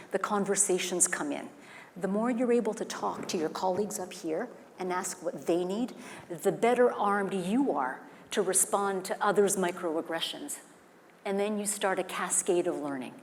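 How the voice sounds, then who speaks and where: A woman's voice: medium pitch, moderate pace, darkish tone. A woman facilitating a workshop, speaking earnestly and guiding the room with questions. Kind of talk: live workshop talk. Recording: echoey hall with faint noise.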